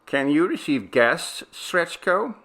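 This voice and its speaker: An old village man, played by a male reader who speaks hesitantly with a gravelly, slightly raised voice. He coaxes the others and gives in reluctantly. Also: fairly high pitch, sing-song, slow pace, fairly bright tone, pitched above the performer's own voice, exaggerated voice. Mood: coaxing.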